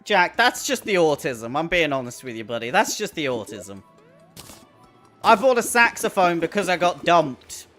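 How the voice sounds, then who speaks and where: A streamer chats casually while playing a video game, rambling and laughing often in a medium-pitched, slightly bright voice. He sounds very animated and speaks at a moderate pace, with faint in-game music underneath.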